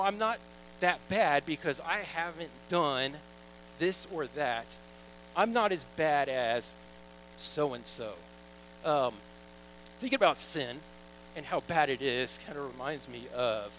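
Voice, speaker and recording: Young guy giving a chatty sermon, voice a bit high, jokey and easygoing, faint hum underneath. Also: a bit bright, poor audio. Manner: conversational, jokey storytelling with quoted asides. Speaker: pastor.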